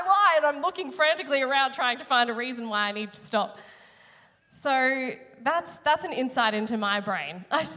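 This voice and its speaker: A woman's voice: a little high, a bit bright. A woman, preaching a sermon through a chatty, self-mocking personal story, her voice a little strained today. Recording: long hall reverb.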